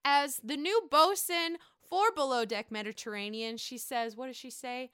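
Bright, gossipy woman recapping reality TV. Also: a little high, a little slow, clear, resonant tone, no room sound, studio quality. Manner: gossipy, animated, mocks quotes in put-on voices. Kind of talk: casual recap commentary.

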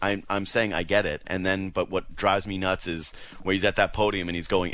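Low-voiced animated sports talk man. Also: moderate pace. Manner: animated, laughs often, slips into joke voices. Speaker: sports radio co-host.

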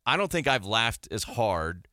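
Male host, former radio sidekick, animated storyteller, crisp dry close sound. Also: lowish voice, a little slow, no room sound. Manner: animated storytelling, laughs often. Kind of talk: casual chat.

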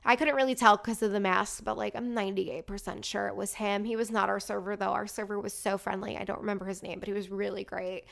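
A woman hosting a podcast, telling a night-out story in a gossipy, animated way. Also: mid-range voice, quick pace, creaky, hardly any pauses. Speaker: podcast host. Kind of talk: casual chat.

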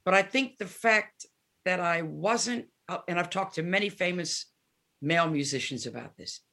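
A woman's voice: on the low side, moderate pace. A woman of seventy, a guest musician, chatting in an interview and animatedly telling stories, acting out the dialogue. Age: 70s. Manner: animated storyteller, acts out dialogue. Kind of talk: casual interview chat.

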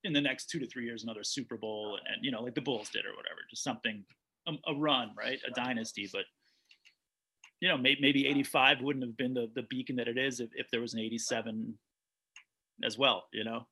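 Bright, husky-voiced man telling stories. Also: medium pitch, steady tone, fairly quick. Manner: rambling, frequent restarts and "you know". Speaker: documentary director. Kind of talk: casual interview storytelling.

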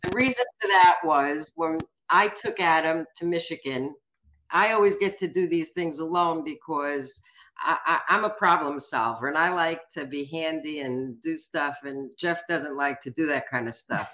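A woman's voice: low-pitched, moderate pace, poor audio. A woman in her seventies, a guest telling stories in a brash, joking way. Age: 70s. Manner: brash, joking, animated storyteller. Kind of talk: casual storytelling.

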